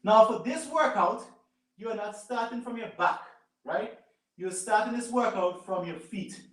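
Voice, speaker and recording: Male fitness instructor, higher voice, live workout coaching, roomy sound from a few steps off the mic. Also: measured pace, distant mic. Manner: coaching, repeats "right?" and "boom". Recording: echoey room, away from mic.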